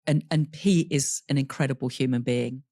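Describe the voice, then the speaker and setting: A woman's voice: a bass voice, fairly even intonation, moderate pace, warm tone, no echo, clean studio sound. A woman guest on a podcast interview telling a personal story candidly, laughing through painful memories and acting out quoted dialogue. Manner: voices other people in quoted dialogue.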